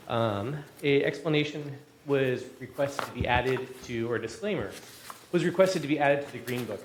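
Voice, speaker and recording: A man reads a formal notice aloud to a board, then explains it in plain terms with the odd "um". He sounds a little out of breath, and his pitch sits in an ordinary middle range. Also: a little fast, slight background noise. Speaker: staff presenter at a board meeting. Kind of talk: formal staff report. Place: boardroom meeting.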